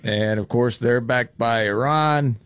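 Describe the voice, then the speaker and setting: A man's voice: medium pitch, slow, a bit bright, no echo. A man hosting a radio talk show, chatting casually and laughing easily with his co-hosts.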